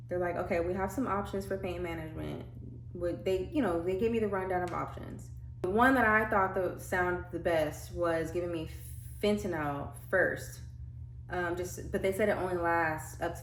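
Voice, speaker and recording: Chatty young mom vlogger, low voice, echoey room, lots of "like" fillers. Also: female voice, a little hiss or hum. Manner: chatty, many "like" fillers, acts out quotes. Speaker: vlogger telling her birth story. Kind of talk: casual storytelling. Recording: echoey room with faint ambience.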